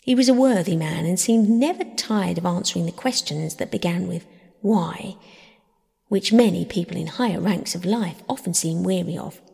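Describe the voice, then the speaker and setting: A woman narrating a classic children's novel as a calm, gentle bedtime audiobook. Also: on the low side, brisk, hardly any pauses. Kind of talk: calm scripted narration for sleep. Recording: breathy voice in long reverb.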